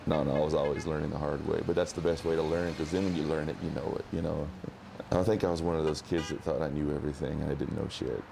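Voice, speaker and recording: A man's voice: very deep voice, little pitch movement, quick pace, gravelly, noisy background. A young man from South Arkansas, talking in a laid-back, rambling, self-mocking way in a documentary interview. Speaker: interviewee, costumed sign waver.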